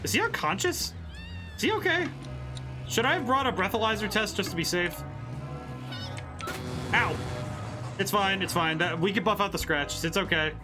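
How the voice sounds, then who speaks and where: A game streamer from the northern United States gives casual, bemused let's-play commentary, giggling and talking back to the characters. The voice is mid-range with lively intonation, normal speed, and long pauses, and game music plays clearly underneath.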